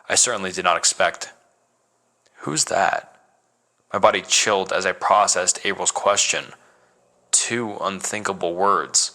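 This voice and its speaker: A man reading a first-person horror story as narrator, measured and dramatic. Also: low-pitched, fairly even intonation, bright, forceful tone.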